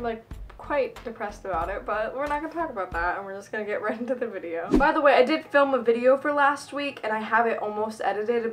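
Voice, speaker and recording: Bubbly, emotional woman vlogging. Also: medium pitch. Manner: bubbly, emotional, laughs often; lots of fillers and self-corrections. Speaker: fan channel vlogger. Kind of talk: casual chatty vlog.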